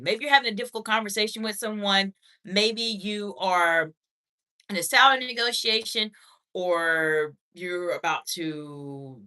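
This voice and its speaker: A woman's voice: mid-range voice, sharp tone. A woman hosting a live question-and-answer stream on leadership communication, reading viewer comments and answering in a direct, encouraging way.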